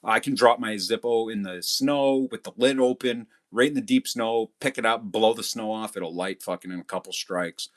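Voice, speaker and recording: A man's voice: fairly low pitch, normal speed, hardly any pauses. Foul-mouthed, boastful man. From Canada. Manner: profane, boastful and heated, swearing constantly. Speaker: livestream host. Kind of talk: casual livestream chat, reading comments aloud.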